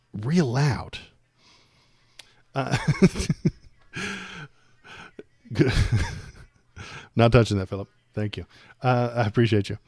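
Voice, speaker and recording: A man's voice: mid-range voice, darkish tone, slightly rough, no room sound. A man hosting a political livestream, ranting sarcastically and rambling as he reacts to chat.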